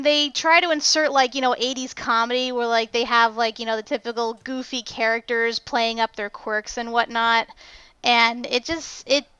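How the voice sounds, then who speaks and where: A young woman co-hosting a casual film review chat, talking in an animated, exasperated way and swearing freely. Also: on the high side, smooth, no room sound. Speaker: podcast co-host.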